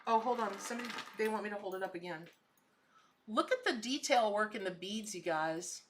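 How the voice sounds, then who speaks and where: Hosting a livestream as a tarot and spirit animal reader, this middle-aged woman chats warmly with her audience and exclaims effusively over what she sees. She speaks briskly in a mid-range, somewhat bright voice.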